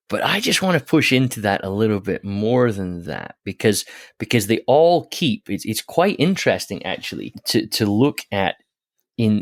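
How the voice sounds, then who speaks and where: A man with a lowish voice co-hosts a relaxed podcast conversation about scripture. He talks in an animated way, stumbling over restarts and laughing now and then, recorded close and dry. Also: no echo. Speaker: podcast co-host. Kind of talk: conversational Bible discussion.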